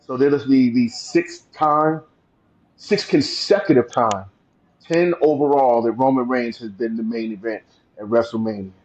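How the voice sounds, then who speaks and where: A man co-hosting a podcast in casual chat, relaxed and stretching out words for emphasis. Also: mid-range voice, measured pace. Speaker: podcast co-host. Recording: slightly dull lo-fi sound.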